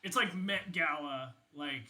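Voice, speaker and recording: A man's voice: a little high, slow, bright, forceful tone, poor audio. A young man casually narrating a tabletop game as game master, rambling with lots of fillers and swearing.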